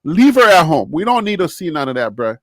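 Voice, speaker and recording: A man's voice: fairly high pitch, big pitch swings, brisk, no room sound. A man co-hosting a casual sports talk show, emphatic and laughing often as he lectures.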